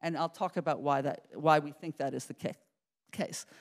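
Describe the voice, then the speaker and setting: A middle-aged woman, a psychology professor, giving a lively public lecture, restarting sentences and talking straight to the audience. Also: deep voice, normal speed. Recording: reverberant lecture hall.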